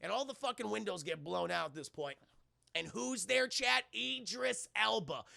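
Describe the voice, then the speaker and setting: Bright, gravelly, high-voiced male streamer. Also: dry recording, clean studio sound. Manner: animated, acts out lines in quick impressions, swears freely. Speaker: streamer reviewing a film. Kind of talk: casual spoiler recap to live chat.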